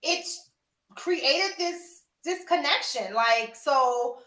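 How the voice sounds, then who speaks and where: Animated high-voiced woman telling stories. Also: drawn-out words, echoey room. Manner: animated, laughing, addresses listeners as y'all. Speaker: podcast host. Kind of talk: casual storytelling chat.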